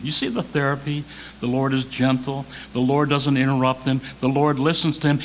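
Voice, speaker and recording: A man preaching a sermon as associate pastor, swinging between loud emphasis and soft, near-whispered lines, repeating key words slowly. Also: mid-range voice, steady tone, a little hiss or hum, low-quality recording. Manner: slow deliberate preaching with repetition. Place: church sanctuary.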